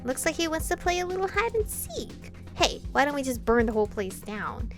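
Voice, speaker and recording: A woman's voice: high voice, sing-song, fairly quick, soft background music, pitched above the performer's own voice. A woman reading crude taunting vampire thugs.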